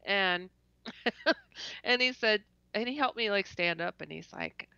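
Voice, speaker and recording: Woman guest telling her story, laughs a lot, acts out her reactions, raspy fry in the voice, dry lo-fi call sound. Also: mid-range voice, slow, dry recording. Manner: animated, laughing often, stuttering, acting out her own reactions. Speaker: podcast guest. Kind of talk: casual storytelling in an interview.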